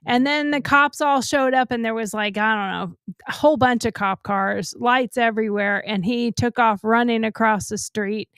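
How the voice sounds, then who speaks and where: A woman's voice: moderate pace, clean tone, dry recording. A middle-aged woman co-hosting a talk show from home, telling a story in casual chat and acting out the quotes. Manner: animated, acts out quotes with rising pitch.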